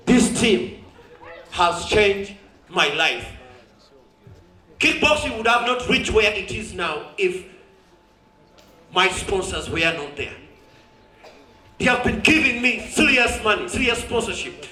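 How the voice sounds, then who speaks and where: Exuberant Ugandan man, high bright voice. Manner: exuberant, laughing often, mixing in Swahili. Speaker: sports champion giving a thank-you speech. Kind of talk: public speech at a ceremony. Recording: roomy echo.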